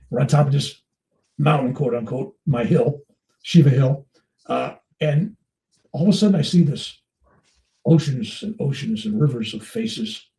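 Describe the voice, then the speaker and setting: A man's voice: mid-range voice, echoey room, distant mic, poor audio. An older man being interviewed, telling a personal story in casual conversation and acting out the voices in it. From United States. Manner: animated, acts out dialogue in his story. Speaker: interview guest.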